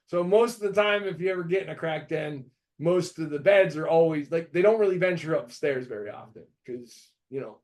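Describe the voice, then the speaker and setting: A man in his thirties from the United States hosting a podcast, telling stories in a rambling, animated way, with many restarts, and breaking into shouted voices when he quotes people. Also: fairly high pitch. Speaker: podcast host. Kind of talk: casual storytelling chat.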